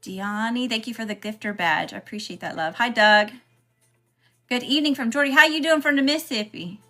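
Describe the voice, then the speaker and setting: A woman talks her way through a spiritual livestream in a relaxed, chatty way, calling out viewers by name and saying y'all. Her voice is bright and a little sharp. Soft music plays faintly behind her. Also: a little high, a little fast. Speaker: spiritual reader hosting a livestream. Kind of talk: casual livestream chat.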